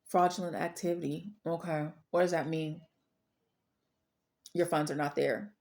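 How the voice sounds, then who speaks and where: Woman, low gravelly voice, earnest faith testimony, repeats lines. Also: fairly even intonation, unhurried, darkish tone. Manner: earnest storytelling, repeats phrases. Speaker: faith vlogger sharing testimony. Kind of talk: personal testimony, casual preaching.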